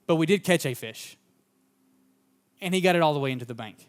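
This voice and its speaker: Male pastor, slightly high voice, sermon with homespun storytelling. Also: fairly quick, clear, resonant tone. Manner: fervent at the open, then relaxed anecdotal storytelling.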